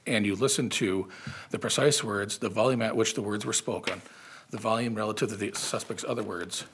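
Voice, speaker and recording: A man presenting appellate oral argument for the state, earnest and halting, often restarting his sentences. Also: on the low side, a bit bright, a little hiss or hum. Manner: earnest, halting, repeats words. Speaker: state's attorney.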